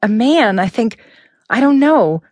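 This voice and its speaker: A woman voicing a frightened, upset teenage girl in an audiobook, her pitch raised and strained. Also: lively intonation, measured pace, darkish tone, no echo.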